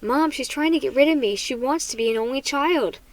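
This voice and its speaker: Woman reading aloud as a jealous preteen boy, pleading, insistent, higher voice, storybook. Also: a little fast, low-quality recording. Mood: pleading, alarmed. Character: anxious jealous preteen boy, big brother.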